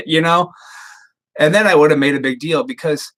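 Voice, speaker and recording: A man's voice: a little high, a little slow, fairly bright tone. A man in his thirties rambling casually and profanely to viewers on a live stream. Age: 30s.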